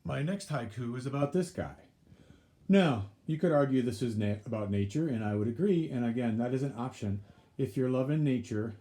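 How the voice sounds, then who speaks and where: A man's voice: medium pitch, dark tone. A man teaching a class, explaining step by step in a patient way and counting things out as he repeats the key points. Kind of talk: classroom instruction video.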